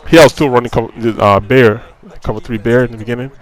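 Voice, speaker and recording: This is a fast-talking gaming commentator with a medium pitch and a steady tone, offering casual commentary on his own football video game match. His frustrated, conversational rant relies on "you know" and repeated phrases, and the audio is poor.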